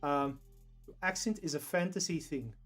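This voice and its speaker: A young South African man talks loosely to his stream chat in a slightly high voice, drifting from thought to thought, laughing a lot and cursing without a second thought. Soft guitar music plays faintly behind him. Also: normal speed. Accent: South African English. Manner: rambling, laughs often, swears casually. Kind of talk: casual livestream chat.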